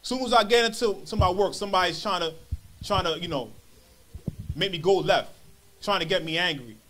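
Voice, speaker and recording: Brief: high-pitched man, church elder, loose street-style Bible commentary. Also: brisk, a bit bright, slight background noise. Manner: street-style paraphrasing, acts out quoted voices.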